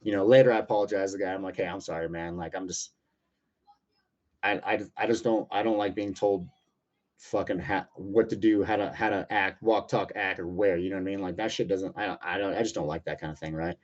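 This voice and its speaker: Brief: man in his thirties, low-voiced, rapid, profane storyteller, rambling with fillers. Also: steady tone. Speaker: UFC lightweight fighter, interview guest. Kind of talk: casual storytelling interview. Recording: muffled lo-fi audio.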